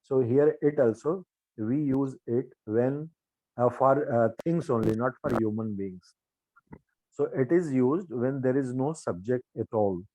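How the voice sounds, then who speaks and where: An older man with an Indian English accent teaches grammar in a mellow, warm voice. He explains patiently and runs through drill sentences aloud. The sound is dry and close. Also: medium pitch, a little slow, no room sound, poor audio. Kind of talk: spoken grammar lesson.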